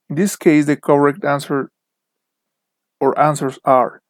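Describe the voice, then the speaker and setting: A man with a Mexican Spanish accent talks through an online English lesson, slowly and deliberately. His voice sits a bit high, and the recording is close and dry with no room sound. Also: no room sound. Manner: slow, deliberate, spells out word pairs with careful stress. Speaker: English teacher. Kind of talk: online lesson narration over slides.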